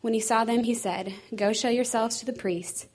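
A woman's voice: fairly high pitch, fairly even intonation, normal speed. A woman reading a Bible passage aloud, a little out of breath. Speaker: scripture reader.

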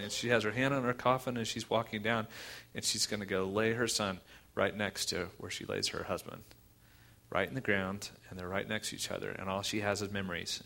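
A man's voice: on the low side, gravelly, bright, forceful tone. A man preaching a sermon, retelling a scripture story with emotion and asking the listeners rhetorical questions. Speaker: pastor.

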